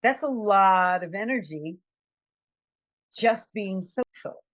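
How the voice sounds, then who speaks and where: A woman's voice: mid-range voice, animated, slow, no room sound, muffled recording. A woman giving a conversational, reflective motivational talk as a trainer. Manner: conversational, reflective, acts out quotes.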